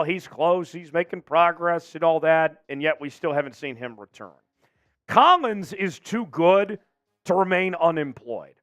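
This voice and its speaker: Lively man hosting a sports news show. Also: high voice, no room sound. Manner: animated, apologetic between coughing fits. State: coughing, losing his voice.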